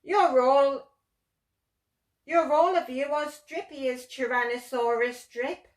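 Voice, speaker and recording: A woman voicing a brisk, scoffing father dinosaur in a read-aloud storybook. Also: sits high. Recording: roomy echo.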